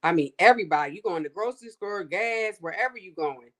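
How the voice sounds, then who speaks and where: A woman talks casually with a friend over a sewing project. She tells expressive stories in a relaxed, conversational way. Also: on the low side, fairly quick. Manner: expressive, chatty storyteller. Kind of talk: casual chat while sewing.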